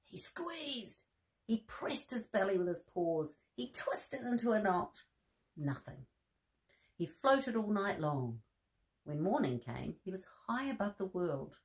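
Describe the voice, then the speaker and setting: A woman reads a bedtime story aloud to young listeners, taking her time over every line. Her voice sits on the lower side, yet her tone swoops up and down with lively expression. She breaks off for soft gasps and cosy asides to the children. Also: unhurried.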